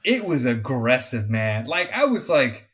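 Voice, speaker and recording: A man co-hosting a podcast in casual chat, excitable and swearing freely, often getting loud. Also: medium pitch, unhurried. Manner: excitable, swears a lot, gets loud and animated. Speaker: podcast co-host.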